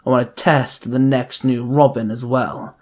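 A man's voice: mid-range voice, fairly even intonation, a little slow, darkish tone, pitched below the performer's own voice, natural voice. A man doing an arrogant assassin leader.

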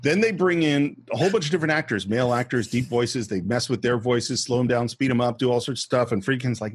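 With a mid-range, slightly breathy voice, this podcast host talks fast and barely pauses, heard in a dry recording. He walks his co-host through a film one scene at a time, sharing behind-the-scenes facts about the shoot in an easygoing, lively way.

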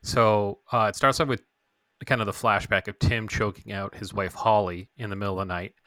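A man's voice: fairly low pitch, steady tone, brisk, pushed and bright, no echo, faint music behind. A young adult man co-hosting a podcast, recapping an episode in casual chat, teasing and with many filler words. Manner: teasing, many "uh" fillers when reading notes. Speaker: podcast co-host.

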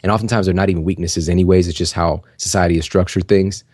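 A man with a very low, deep voice talks to his listeners as a podcast host. He gives encouraging advice in a loose, chatty way, full of fillers. The sound is dry and close, with no room echo. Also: steady tone, fast talker, darkish tone, husky. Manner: conversational, full of "you know" and "like" fillers; encouraging, addresses listeners directly. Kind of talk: casual motivational talk.

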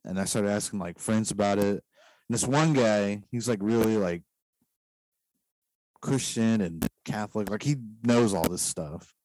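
A man's voice: on the low side, measured pace, darkish tone, no echo, low-quality recording. A man casually telling a long story, rambling and filling his talk with "like". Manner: rambling, heavy use of "like" fillers.

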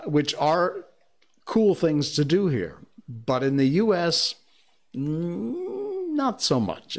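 A man's voice: medium pitch, a little mellow. Male host, from Connecticut, casual solo monologue, meandering and chatty. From Connecticut, United States. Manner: chatty and rambling, with frequent ums and asides. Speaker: show host. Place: living in Malaysia.

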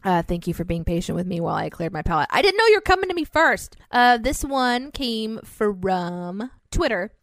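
A woman's voice: mid-range voice, normal speed, hardly any pauses, dry recording, clean studio sound. Chatty woman co-hosting a podcast. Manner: chatty, animated, many fillers. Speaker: podcast co-host. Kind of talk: casual chat.

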